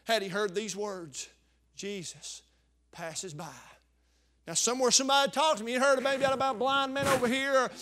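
A man preaching a fervent sermon, rising to shouts at its high points. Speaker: pastor.

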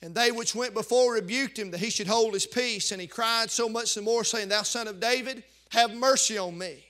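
High-pitched preacher, bright and fervent. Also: male voice, moderate pace. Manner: fervent preaching, shouting at climaxes. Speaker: pastor. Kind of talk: sermon.

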